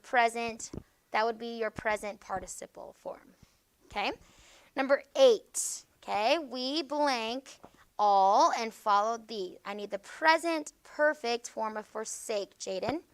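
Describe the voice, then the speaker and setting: A woman's voice: fairly high pitch, slow, clear, resonant tone. A woman teacher leading a classroom grammar lesson, patient and explanatory, often checking in with "okay?".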